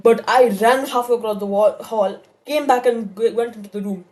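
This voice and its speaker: A woman's voice: a little high, normal speed, a little mellow. A woman telling a story-time tale in a casual, rambling way, with many fillers and restarts.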